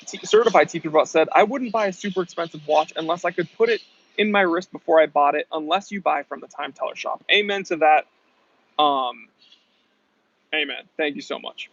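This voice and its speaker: A man's voice: a little high, moderate pace, pauses often, fairly bright tone, dull audio. A young adult man hosting a casual live stream, reading out viewer comments in an upbeat, chatty way. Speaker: host.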